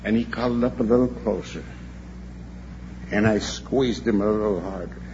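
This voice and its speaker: An older man preaches a sermon to a convention, earnestly telling a story and sometimes repeating himself along the way. His voice is lowish at a moderate pace, captured in a dull lo-fi recording with a faint hum.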